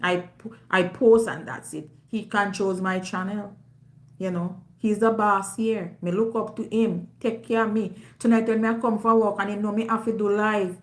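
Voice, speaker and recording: A Jamaican woman hosting a live stream, talking in a loud, emphatic, forthright way. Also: mid-range voice, steady tone, moderate pace. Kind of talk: casual live-stream chat. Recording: roomy echo.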